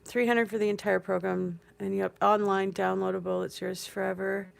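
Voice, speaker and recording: A woman's voice: mid-range voice, level tone, normal speed, gravelly. A tearful woman hosting a casual livestream from her couch, rambling emotionally and laughing things off while talking to viewers through a headphone mic. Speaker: livestream host. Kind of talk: casual live chat with viewers. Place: at home on a couch.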